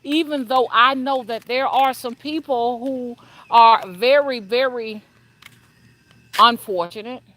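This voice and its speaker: A woman hosting a spiritual livestream from home on her phone, keeping her voice low and greeting viewers one by one by name. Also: takes it slowly, a bit bright. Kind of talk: casual livestream chat with viewers.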